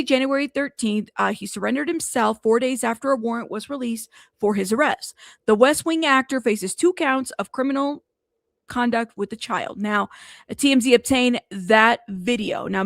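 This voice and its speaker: A chatty woman hosts a casual news livestream, talking to her chat with plenty of fillers. Her voice is fairly high with a gravelly edge, and it sounds close and dry. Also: dry recording. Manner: chatty, talks to live chat, many fillers. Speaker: news show host.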